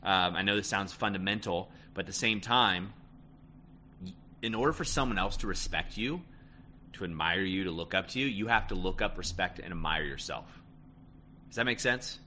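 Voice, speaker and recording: A man's voice: low voice, lively intonation, normal speed, bright, forceful tone, slight background noise. A man coaching listeners on relationships in a casual, emphatic way, often tagging lines with "right?". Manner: emphatic, repeats "right?" and "end of story". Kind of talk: casual advice talk.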